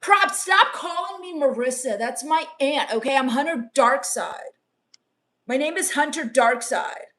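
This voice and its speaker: Woman doing a goth teen vampire, high-pitched, deadpan, sarcastic, scornful, live-stream comedy. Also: a little slow. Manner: deadpan, sarcastic, dismissive put-downs. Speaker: live streamer reading chat.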